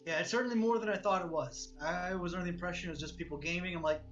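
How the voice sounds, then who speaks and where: High-voiced polite man in his thirties. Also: racing, a bit bright. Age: 30s. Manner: polite, thoughtful, a bit hesitant. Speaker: guest author. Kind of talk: casual livestream chat. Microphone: remote call over stream. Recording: dull lo-fi remote call audio with faint music.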